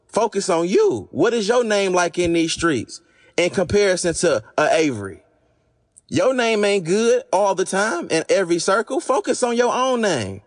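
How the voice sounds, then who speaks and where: A podcast host with a hoarse, fading voice, delivering a blunt, profane, exasperated monologue. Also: male voice, high voice, big pitch swings, moderate pace. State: losing his voice.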